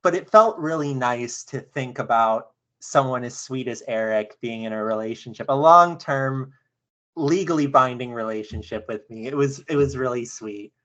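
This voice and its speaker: A young woman earnestly retelling a dream on a video call, halting, with many fillers and restarts. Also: rumbling low, lo-fi sound. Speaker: session participant.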